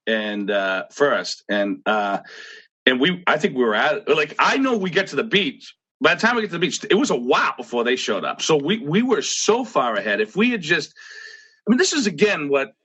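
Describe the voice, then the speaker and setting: A man's voice: a little high, very animated, moderate pace, pushed and bright, breathy edge. A man with a Boston accent, a podcast guest telling race stories in casual conversation and laughing often.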